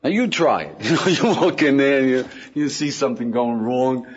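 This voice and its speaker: A man with a mid-range, slightly rough voice speaks at normal speed, teaching as a rabbi in a loose, conversational lecture. He acts out everyday scenes with lively energy and keeps the class engaged by constantly asking "right?" and "yeah?" The lecture recording is dull and lo-fi.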